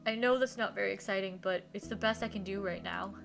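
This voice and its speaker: A woman reading aloud the quiet lines of a gentle, troubled young man in a game. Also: medium pitch, quick pace, gravelly, music in the background, lightly acted. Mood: subdued. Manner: quiet, subdued reading of dialogue.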